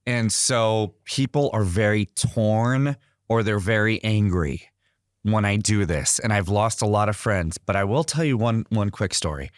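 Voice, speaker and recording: A man from Iran, a guest artist on an interview show, telling stories in an earnest, animated way. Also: on the low side, a little slow, no echo, clean studio sound. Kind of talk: interview, storytelling.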